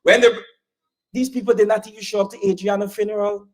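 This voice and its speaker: A man's voice: sits high, steady tone, quick pace. A man with a Guyanese accent giving a fiery campaign speech, repeating lines and calling out to the crowd for answers. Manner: emphatic, repeats lines, call-and-response with crowd. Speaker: political rally speaker.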